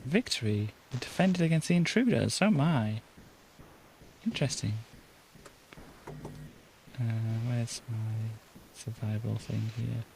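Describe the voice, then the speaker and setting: A woman's voice: extremely low pitch, takes it slowly, creaky, pauses often, darkish tone, a little hiss or hum, rough recording. A woman streaming a game, chatting casually and giggling as she reads item names aloud. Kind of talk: casual gameplay chat.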